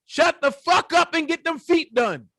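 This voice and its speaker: A man hosting his own political commentary channel, talking in a loud, profane, animated way and mimicking other voices. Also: very high-pitched, unhurried, vocal fry, no echo.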